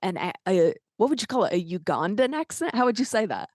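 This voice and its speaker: A woman's voice: mid-range voice, big pitch swings, fairly quick, darkish tone, dry recording, studio quality. A woman with a Southern American accent, hosting an interview podcast in a gushing, enthusiastic way. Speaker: podcast host. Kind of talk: casual interview chat.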